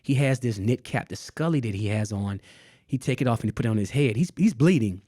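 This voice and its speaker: A man's voice: mid-range voice, lively intonation, brisk, dark tone, no room sound, studio quality. A man telling a personal story in a casual conversation. He repeats phrases for emphasis and laughs now and then. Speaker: guest artist.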